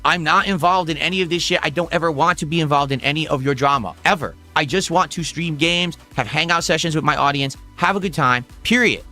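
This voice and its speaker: A man with a fairly high, bright and forceful voice talks to his livestream chat in a blunt, exasperated rant and swears freely. Faint music plays underneath. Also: fairly quick, hardly any pauses. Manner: blunt, profane, exasperated ranting. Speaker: livestream host. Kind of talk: casual livestream talk to chat. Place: at home.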